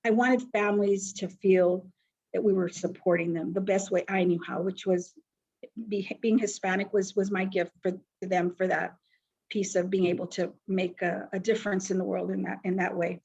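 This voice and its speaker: A woman's voice: mid-range voice, normal speed, creaky, breathy edge, muffled recording. A middle-aged woman, a social worker telling stories in an interview and acting out the people she quotes. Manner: animated storyteller, acts out quoted voices. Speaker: foster agency founder and social worker. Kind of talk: storytelling interview.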